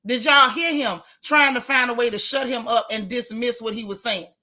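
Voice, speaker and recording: A woman's voice: a little high, normal speed. A woman hosting a casual live stream, reading viewer comments and speaking out in an emphatic, outspoken way. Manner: animated, outspoken, emphatic repetition.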